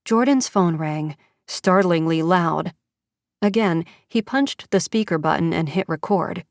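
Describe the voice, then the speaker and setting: Woman, audiobook narrator, measured, lowish voice, dry close sound. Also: dry recording. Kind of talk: scripted narration.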